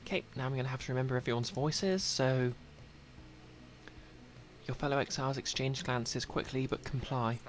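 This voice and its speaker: A man's voice: mid-range voice, steady tone, moderate pace, pauses often. Guy streaming and reading game text, dry jokey asides, slight hiss.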